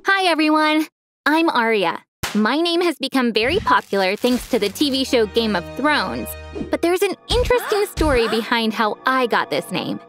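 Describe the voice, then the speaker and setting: Woman reading her animated story out, expressive, kinda high voice, light music behind. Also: moderate pace. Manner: clear, expressive first-person telling. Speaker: narrator. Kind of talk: scripted storytelling narration.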